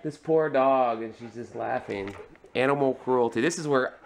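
A man filming a casual home vlog, chuckling and gently soothing his frightened dog. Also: mid-range voice, moderate pace, gravelly, slight background noise. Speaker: vlogger. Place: home indoors.

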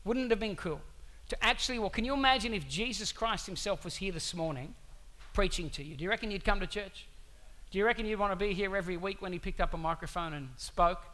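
A male pastor preaching to his church in a conversational, animated way, full of rhetorical questions. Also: sits high, quick pace. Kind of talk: sermon.

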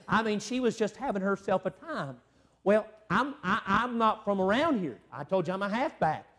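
Man, high-pitched, revival preaching, loud then hushed, church sanctuary. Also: expressive, normal speed. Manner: swings from loud shouting to hushed, emotional storytelling. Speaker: evangelist. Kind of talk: revival sermon testimony.

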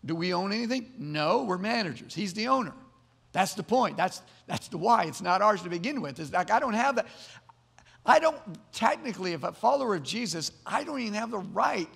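A man's voice: high voice, lively intonation, a little fast, creaky, a bit bright, slightly rough, in a large hall. A man preaching a sermon as pastor, earnest, often repeating words as he builds to emphatic points. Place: church sanctuary.

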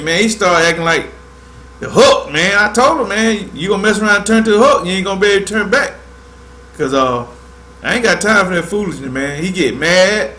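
A man's voice: high voice, sharp tone. Laid-back man, roomy echo. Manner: laid-back, drawling, peppers speech with "man". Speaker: host of a fishing livestream. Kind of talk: casual livestream tutorial.

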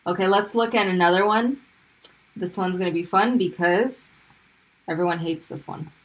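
Slow, patient woman teaching Arabic sounds. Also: lowish voice, rough recording. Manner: patient, repeats sounds slowly for drilling. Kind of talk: recorded video lesson.

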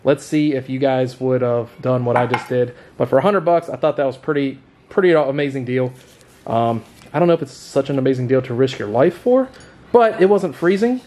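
A man hosting a casual vlog at home, relaxed and chatty, laughing often and calling people "man". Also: mid-range voice, a little fast, slight background noise. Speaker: record store owner and vlog host. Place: home kitchen, indoors.

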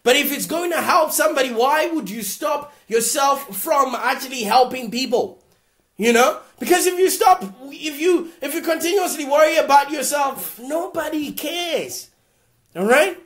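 Blunt, high-voiced woman host. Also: expressive, normal speed. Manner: blunt, emphatic, often raising voice to a near shout; keeps checking in with "all right?". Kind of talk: live motivational Q&A advice show.

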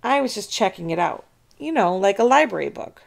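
A woman's voice: medium pitch, expressive, a little fast, gravelly. A woman reading aloud, voicing a young schoolboy who protests and makes excuses in a raised voice. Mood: defensive.

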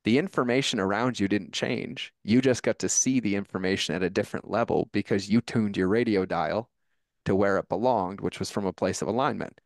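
Emphatic low-voiced man telling stories. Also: no echo. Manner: animated storyteller, quick and emphatic. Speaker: podcast guest. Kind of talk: casual conversation.

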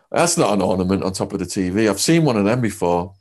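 A man with an English accent, a guest in a sit-down interview, telling his story in an animated way with big swings in pitch and loudness. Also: fast. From England.

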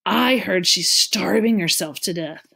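A woman's voice: fairly low pitch, measured pace, gravelly, pushed and bright, breathy edge, heavily acted. A woman reading a storybook, voicing a blunt, bossy thirteen-year-old girl who speaks sharply. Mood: knowing.

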